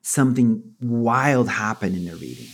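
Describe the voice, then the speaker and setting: A man with a fairly low voice hosts a relaxed interview podcast. He rambles enthusiastically with plenty of "like"s. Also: moderate pace. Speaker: podcast host. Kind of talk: casual interview conversation.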